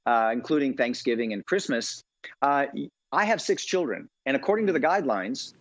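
A man's voice: mid-range voice, expressive, normal speed. A middle-aged man being interviewed as a guest, telling stories animatedly with lots of uhs and ums. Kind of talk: casual interview talk. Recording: dull, dry lo-fi audio.

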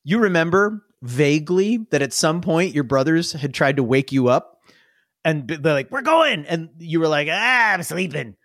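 A man's voice: fairly high pitch, normal speed, no room sound, studio quality. A man narrating a tabletop game as game master, rambling and amused. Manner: rambling, amused, with many restarts.

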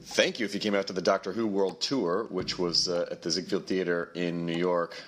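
A hoarse man hosting a podcast, giving a rambling, self-mocking solo intro in a hurry. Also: deep voice, steady tone, a little fast, a bit bright, soft background music. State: hoarse, lost voice. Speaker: podcast host.

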